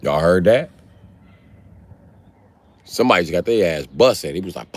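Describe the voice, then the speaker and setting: A man's voice: sits low, lively intonation, normal speed, long pauses. A young man from the Chicago area chatting casually with viewers on a phone livestream, rambling and profane with streetwise slang. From Chicago area, USA. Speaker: livestream host.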